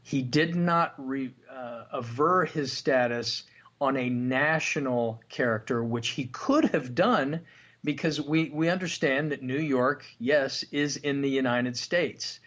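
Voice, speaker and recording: A man's voice: mid-range voice, slow, fairly bright tone. A man hosting a podcast, reading legal documents aloud and asking questions as he explains them. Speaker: podcast host. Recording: dull lo-fi podcast audio.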